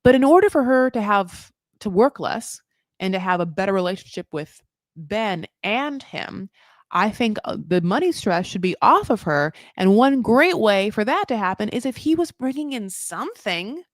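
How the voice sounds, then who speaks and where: A woman hosting a casual recap commentary, chatty and full of fillers, swearing freely and acting out quotes in high mock voices. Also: animated, moderate pace, no room sound, clean studio sound. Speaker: recap show host.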